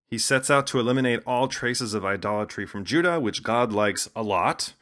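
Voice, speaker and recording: A man's voice: medium pitch, normal speed, fairly bright tone. A man giving humorous scripted narration, sliding in wry, casual asides.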